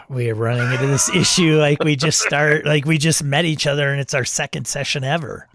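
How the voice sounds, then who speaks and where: Gravelly relaxed podcast host man. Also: on the high side, moderate pace. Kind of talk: casual chat.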